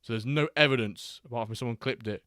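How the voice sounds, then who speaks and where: A man's voice: mid-range voice, fast talker, a bit bright, no room sound, studio quality. A man hosting a live watchalong stream, reading chat aloud and bantering with a jokey, laughing manner.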